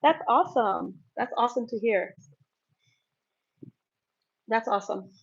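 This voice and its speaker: A woman from Cameroon hosts a casual live Q&A, reading viewers' comments and answering them with a ready laugh. Her voice is a little high with lively intonation, unhurried, husky, with vocal fry, and the sound is somewhat dull and lo-fi, like a plain livestream mic.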